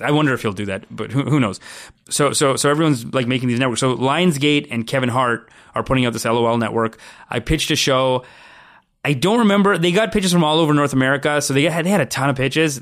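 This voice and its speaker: A man telling stories as an interview guest in a casual chat, acting out quotes with lively jumps in pitch. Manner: animated storyteller, acts out quotes with big pitch jumps. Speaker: guest, comedian pitching a show.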